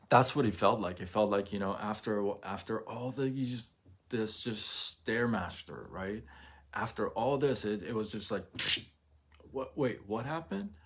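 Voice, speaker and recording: A man hosting a motivational livestream, talking earnestly and haltingly, often repeating words and checking that viewers follow him. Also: lowish voice, vocal fry, husky. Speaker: livestream host. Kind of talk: emotional motivational livestream talk.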